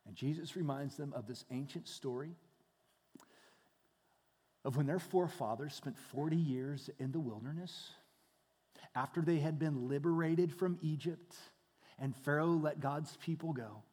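A man preaching a sermon, shifting between hushed, quiet passages and loud, animated storytelling. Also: a little high, unhurried, pauses often, slightly rough. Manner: dynamic preaching, dropping to hushed tones then rising loud. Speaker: pastor. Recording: long hall reverb.

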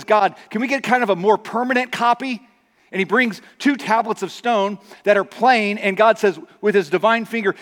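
High-voiced preacher in a reverberant hall. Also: male voice, a bit bright. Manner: conversational preaching with acted asides. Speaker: pastor. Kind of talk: sermon. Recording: long reverb of a large hall.

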